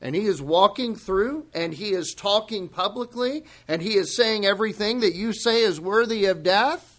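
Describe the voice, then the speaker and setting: A man preaching a sermon, slow and deliberate, breaking into dramatic exclamations for emphasis. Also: sits high, fairly bright tone. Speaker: pastor.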